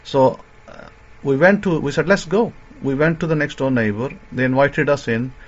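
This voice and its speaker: A man's voice: mid-range voice, normal speed, muffled recording. A man telling a story in a sermon, with a rambling way of talking, many fillers and restarts, as a religious teacher.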